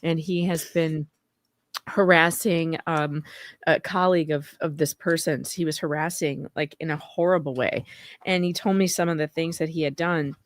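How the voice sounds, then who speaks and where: A woman's voice: deep voice, steady tone, moderate pace, no echo. A woman talking candidly on a livestream as a guest, with a chatty, conversational manner. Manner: candid, conversational, uses "like" a lot. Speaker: fellow show host and guest. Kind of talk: casual livestream chat.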